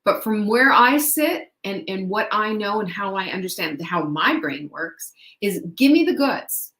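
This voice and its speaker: A woman's voice: mid-range voice, animated, unhurried, a bit bright. Middle-aged female host, upbeat motivational chat, rhetorical questions, roomy echo. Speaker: podcast host. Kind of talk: motivational talk.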